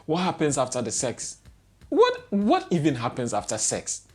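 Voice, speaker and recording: A man's voice: fairly high pitch, huge pitch swings, moderate pace. Exasperated man ranting. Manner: exasperated, repetitive rhetorical questions. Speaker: vlogger. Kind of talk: ranting commentary to camera.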